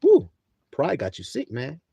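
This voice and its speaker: A man preaching a livestreamed sermon in a folksy, animated way, calling on his listeners and laughing often. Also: fairly high pitch, measured pace, creaky, husky, dry recording.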